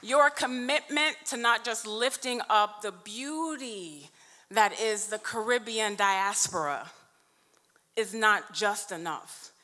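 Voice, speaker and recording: A woman's voice: mid-range voice, slow pace, pushed and bright. A woman from New York giving an emphatic, heartfelt award acceptance speech in a large event hall. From New York, USA. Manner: emphatic and heartfelt, stretching key words. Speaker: award honoree and union vice president. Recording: echoey hall.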